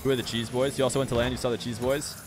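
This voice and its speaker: A young man streaming a game and chatting casually with his viewers in a relaxed, rambling way. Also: medium pitch, very fast. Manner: relaxed, rambling, talks straight to chat. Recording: music playing clearly behind the voice.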